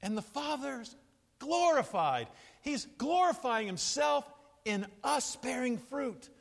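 An older man preaching a sermon in an animated, jokey way, often laughing and acting out quotes. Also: extremely high pitch, slow, creaky, in a large hall. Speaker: pastor.

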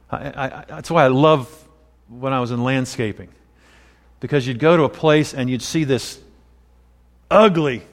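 A man's voice: on the high side, in a large hall. A man pastor giving a conversational sermon, mixing scripture with personal stories. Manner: conversational preaching with personal anecdotes.

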